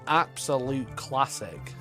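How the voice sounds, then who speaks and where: A man's voice: mid-range voice, sing-song, slow, sharp tone, faint music behind. A man chatting casually on a live stream, joking and swearing often, with frequent laughter.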